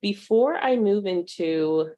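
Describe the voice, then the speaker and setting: A woman teaching a live virtual class, warmly greeting attendees by name and speaking with frequent ums. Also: medium pitch, expressive, slow. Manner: uses fillers like um. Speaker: online course instructor.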